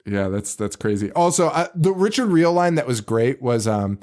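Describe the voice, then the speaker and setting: A podcast host in his thirties chats casually about a film, animated and laughing often as he acts out lines. He speaks at medium pitch and a moderate pace.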